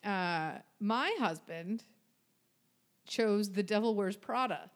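A woman's voice: medium pitch, takes it slowly. A young adult woman co-hosting a casual chat, chatty and sarcastic. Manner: chatty and sarcastic, breaks into singing. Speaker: podcast co-host.

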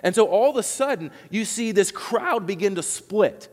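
A man preaching a sermon to his congregation, animated and conversational, acting out what people said, with many restarts. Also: high-pitched, moderate pace, long reverb tail. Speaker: pastor.

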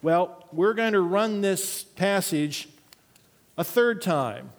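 Pastor guy preaching, kinda high voice, earnest, big echoey hall. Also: expressive, slow pace. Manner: earnest, leads congregation in unison reading. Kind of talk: sermon.

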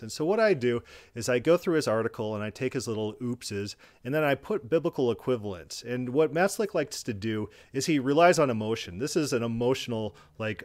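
A man's voice: mid-range voice, animated, a little mellow. A man giving reaction commentary in an indignant, emphatic way. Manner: indignant and emphatic, quick bursts.

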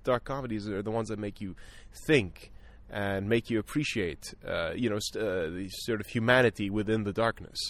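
Low-pitched man, casual film chat, halting and thoughtful. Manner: thoughtful, many fillers and restarts. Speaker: film podcast guest.

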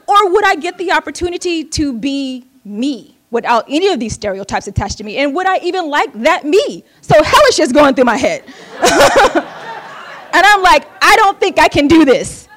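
A woman's voice: high-pitched, fairly bright tone. Wry, self-mocking woman storyteller. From Oakland, United States. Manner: wry and candid, laughing at herself, quick asides. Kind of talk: personal storytelling to an audience.

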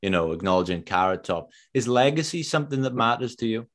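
A man's voice: mid-range voice, lively intonation, quick pace, fairly bright tone. A man hosting an interview, asking questions in a laid-back way. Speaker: interview host.

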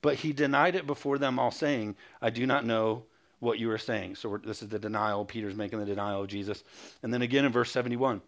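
Delivering a sermon, this male pastor reads from scripture, asks the congregation for amens and makes quick mocking asides. He has a mid-range voice with fairly even intonation.

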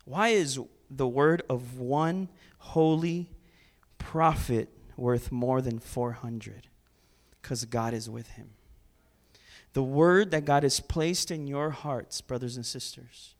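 A man preaching a sermon in an animated, conversational way, with sarcastic asides and repeated words. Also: medium pitch.

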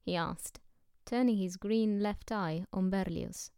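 Smooth-voiced woman narrating a novel. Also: medium pitch, takes it slowly, no room sound, studio quality. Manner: steady, even storytelling. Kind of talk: audiobook narration.

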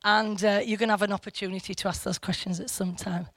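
A man's voice: sits high, level tone, fast talker, a bit bright, dry recording, studio quality. A man giving an informal Bible teaching, reflective and a little hesitant. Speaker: church teacher.

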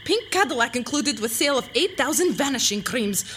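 A woman's voice: sits high, lively intonation, a little fast, noisy background. A woman playing a dramatic, mysterious woman with a violent past in a comedy sketch, talking in a formal, melodramatic way. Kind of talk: radio comedy sketch acting.

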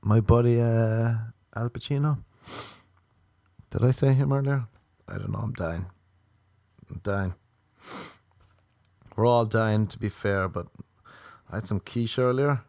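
A man's voice: mid-range voice, a little slow, vocal fry, long pauses, darkish tone, no echo, clean studio sound. A man hosting a podcast, telling a rambling, crude, self-mocking comedic monologue. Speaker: podcast host.

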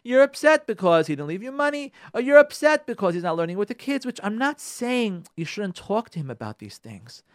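Speaking quickly with few pauses, this high-voiced, very animated radio host shares a story and marriage tips on relationships. He repeats phrases to stress points and talks straight to his audience, with clean studio sound and no echo.

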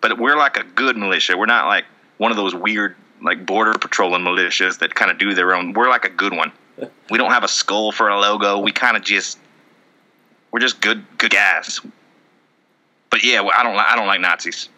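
A man's voice: lowish voice, moderate pace, sharp tone, low-quality recording. A man improvising a rambling militia man who lives in the woods, with a shaky attempted Southern accent that keeps slipping. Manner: rambling, self-contradicting, wobbly put-on drawl. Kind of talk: improvised comedy bit.

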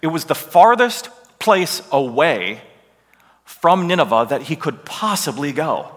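A male Bible teacher lecturing with slides in an animated, emphatic way, often tossing in a rhetorical "right?". His tone is bright and forceful. A long reverb trails off after each phrase, as in a large hall. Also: on the high side, unhurried.

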